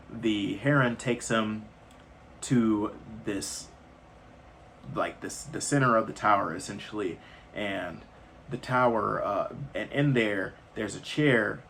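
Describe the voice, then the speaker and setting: A man's voice: fairly low pitch, measured pace, fairly bright tone, slight background noise. A man casually retelling a film's plot in a loose, rambling way with slangy asides. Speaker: movie reviewer.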